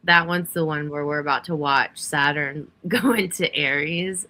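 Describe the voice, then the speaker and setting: A woman hosts a live online reading with a bright, forceful voice pitched a little low. She stays upbeat, laughs easily and reads out planet positions as she chats. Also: unhurried, low-quality recording. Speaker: host. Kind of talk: casual live-stream chat.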